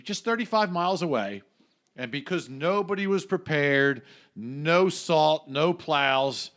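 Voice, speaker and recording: Brash, higher-voiced male podcast host. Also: fairly bright tone. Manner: brash, emphatic, jokey. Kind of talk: casual chat.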